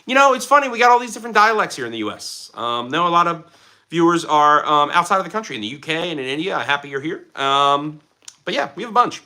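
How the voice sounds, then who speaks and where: A man in his twenties with a light Philadelphia accent, hosting a casual livestream and chatting with viewers in an excitable, jokey way. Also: fairly high pitch, fast. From Philadelphia, USA. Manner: excitable, animated, jokey, drops into playful voices. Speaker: livestream host. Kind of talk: casual live chat reading viewer comments.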